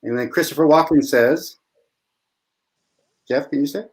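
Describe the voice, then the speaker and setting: A man with a slightly raised pitch tells a secondhand anecdote on a video call. His delivery is dry and halting, full of pauses and "uh"s, and he saves the punchline for last. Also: low-quality recording. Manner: dry, halting storyteller with many fillers. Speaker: improv comedian. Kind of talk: casual video-call chat.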